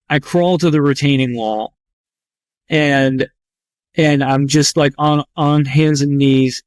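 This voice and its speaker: A man's voice: mid-range voice, dry recording. A man who is a trauma surgeon, telling a story in a candid, rambling and profane way, full of "like" fillers. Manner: vivid, tense recounting. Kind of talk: candid first-person storytelling.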